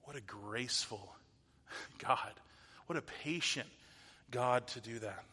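A man's voice: mid-range voice, slow, bright, forceful tone, slightly rough. A man in his thirties giving a conversational sermon as a pastor, asking the audience rhetorical questions. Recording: long hall reverb.

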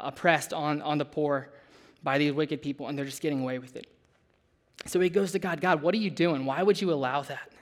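A young adult man delivering a sermon. He talks in a relaxed, conversational way, breaking into a personal story and turning to his listeners with asides. His voice sits slightly high for a man. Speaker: preacher.

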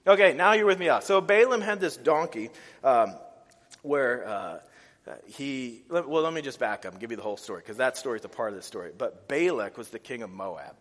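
A man preaching a sermon, animated and casual, with many restarts and fillers. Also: mid-range voice, a little fast. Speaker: pastor. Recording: reverberant hall.

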